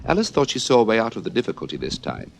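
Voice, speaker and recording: A man narrating an audiobook in a theatrical, lively storytelling manner. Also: fairly low pitch, very fast, vocal fry, slight background noise. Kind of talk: scripted narration.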